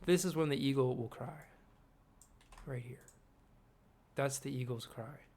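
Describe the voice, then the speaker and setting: Man, casual rambling commentary, asks viewers questions, swears now and then, average pitch. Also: a little fast, a little mellow. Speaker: video host.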